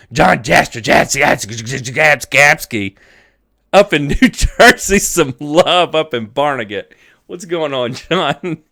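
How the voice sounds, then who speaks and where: A man hosting a live lawn care stream, casually greeting viewers by name and laughing easily. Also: fairly high pitch. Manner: upbeat shout-outs, laughs easily.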